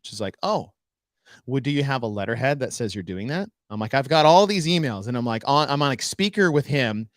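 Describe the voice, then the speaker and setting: Podcast co-host, male, animated storyteller who voices the people in his story, dry close mic. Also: mid-range voice, a little fast, no room sound. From United States. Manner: animated storyteller acting out dialogue. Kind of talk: casual storytelling chat.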